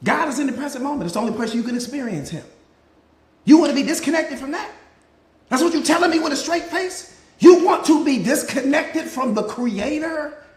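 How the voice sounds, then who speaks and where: Male motivational coach, very high pitch, preacher cadence, roomy echoey sound. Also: lively intonation, fairly quick. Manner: preacher-like, repetitive rhetorical questions and answers. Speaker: mindset coach. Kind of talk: live motivational talk.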